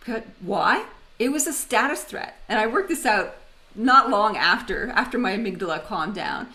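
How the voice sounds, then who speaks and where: A woman's voice: mid-range voice, lively intonation, moderate pace, pushed and bright, poor audio. A woman from Canada, presenting a webinar in a conversational way and telling personal stories with humor over a video call microphone. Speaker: webinar facilitator.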